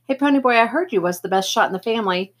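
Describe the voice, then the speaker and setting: A woman's voice: on the high side, lively intonation, rapid-fire, slightly rough. A woman voicing a tough, cocky teenage boy in a gang, blunt and slangy, in a storybook reading. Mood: offhand.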